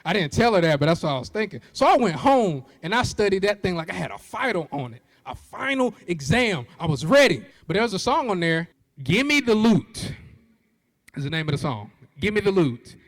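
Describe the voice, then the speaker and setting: A man speaks from a large auditorium stage, telling a comic story and acting out every voice. His pitch is high for a man and swings widely, and a long hall reverb trails his words. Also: fast, few pauses. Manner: animated, acts out quoted voices. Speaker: keynote speaker. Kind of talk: comedic storytelling keynote.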